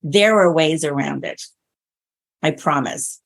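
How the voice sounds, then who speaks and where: A woman's voice: sits low, slow, creaky, husky. A woman guest who coaches clients on diabetes-friendly meals, talking in a chatty, storytelling way in an interview. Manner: chatty storyteller, animated retellings. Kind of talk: conversational interview.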